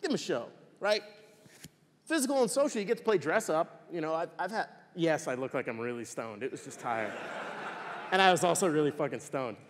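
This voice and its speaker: A man tells stories from the stage of a large conference hall, loose and profane, cursing freely as he goes. His voice sits a little high for a man. A long hall reverb trails behind every phrase. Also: a little fast, background noise. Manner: animated, swearing freely. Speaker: conference speaker. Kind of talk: profane, casual storytelling talk.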